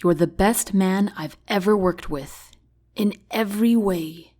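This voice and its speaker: Woman doing a big emotional older general, booming then choking up, audiobook. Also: unhurried, a little mellow. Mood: tearful. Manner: effusive, tearful and booming.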